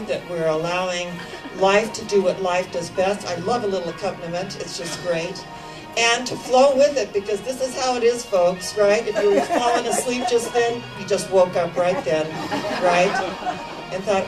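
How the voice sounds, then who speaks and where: A woman minister delivering an animated, affirming sermon to her congregation, asking them questions. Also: lowish voice. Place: church sanctuary. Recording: distant sermon recording with music behind. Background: music playing.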